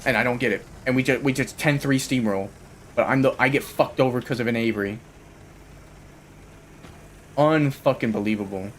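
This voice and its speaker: A man's voice: medium pitch, fairly even intonation, fast talker, a bit bright, slight background noise. A man giving live gameplay commentary while playing with teammates, ranting at them in a frustrated, profane way. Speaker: gamer playing online with teammates.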